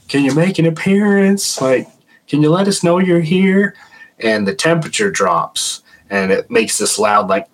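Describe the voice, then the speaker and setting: A man's voice: low-pitched, a bit bright, slightly rough, low-quality recording. A man, a paranormal investigator, casually telling a story as a podcast guest and saying "like" a lot. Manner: chatty, heavy use of "like".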